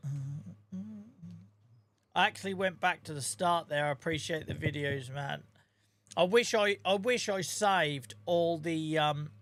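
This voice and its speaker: A man's voice: medium pitch, a bit bright. A man with a Norfolk accent chatting casually to his viewers while he plays a game, swearing freely and greeting people by name. He sounds tired and sore. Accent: Norfolk English. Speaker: game streamer. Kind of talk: casual live-stream chat while playing.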